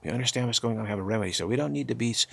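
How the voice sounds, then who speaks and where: An older man giving a halting, repetitive spiritual talk, slipping into soft murmured chanted phrases. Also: mid-range voice, gravelly, breathy edge. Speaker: spiritual teacher.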